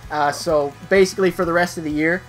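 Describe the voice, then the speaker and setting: A woman's voice: fairly low pitch, fairly even intonation, soft background music. A woman co-hosting a collectibles vlog, chatting casually and cracking jokes. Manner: joking, playful, quick asides. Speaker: collectibles channel co-host.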